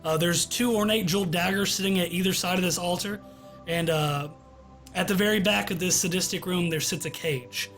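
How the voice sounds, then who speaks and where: A man acting as game master, narrating a tabletop game in a relaxed, descriptive way over a voice call. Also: sits high, a little fast, faint music behind. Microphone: online voice call.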